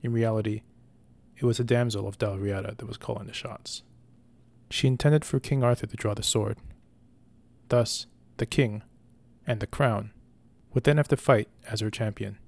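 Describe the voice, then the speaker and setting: A man narrating a story in a slow, deliberate scripted reading as the show's storyteller. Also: fairly low pitch, steady tone, darkish tone, dry recording. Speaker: podcast storyteller.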